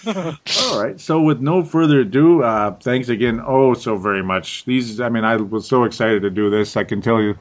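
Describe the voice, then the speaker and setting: A man's voice: medium pitch, moderate pace. A middle-aged man hosting a casual sports podcast, tired and rambling, laughing often and repeating words. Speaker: podcast host.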